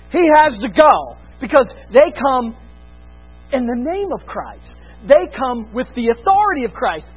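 A preacher giving an expository sermon, emphatic, rising to loud stresses and dropping to hushed lows. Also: breathy edge, dull audio.

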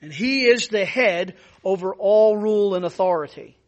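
Emphatic high-voiced male preacher. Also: animated, moderate pace. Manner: emphatic, repeats key words, rises for stress. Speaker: pastor. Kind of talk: expository sermon.

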